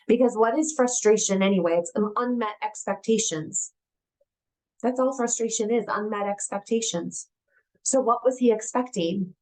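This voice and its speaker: A woman's voice: medium pitch, darkish tone. A woman giving an earnest, emphatic personal talk as a guest speaker, repeating her key phrases and acting out the voices in the dialogues she recounts.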